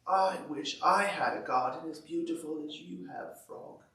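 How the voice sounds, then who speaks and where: Man voicing a grumbly storybook toad, English accent, slow to speak, echoey hall. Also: fairly high pitch, bright, forceful tone, distant mic. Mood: glum. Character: slow, never-satisfied, fretful male toad.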